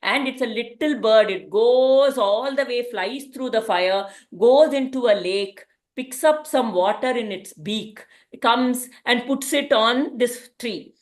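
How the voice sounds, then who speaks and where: A woman, teaching a spiritual class through a gentle, meandering parable. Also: on the high side, slow, few pauses. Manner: gentle storytelling with restarts.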